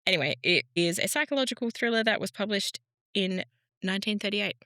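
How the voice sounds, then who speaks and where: Woman podcast co-host, casual and rambling, bright tone, dry sound. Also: medium pitch, a little fast, no room sound. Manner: rambling, self-correcting. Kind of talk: casual chat.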